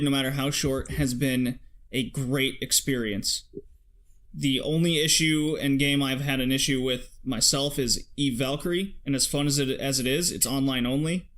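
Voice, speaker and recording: A man co-hosting a casual gaming podcast, reading out a listener review and chatting with friends in an animated way. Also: mid-range voice. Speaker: podcast co-host.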